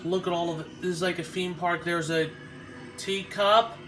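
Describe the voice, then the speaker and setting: A man vlogging as he walks through an exhibition, talking in a halting, nostalgic way with frequent restarts. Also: on the high side, level tone, fairly bright tone, faint music behind. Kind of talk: casual walk-through commentary.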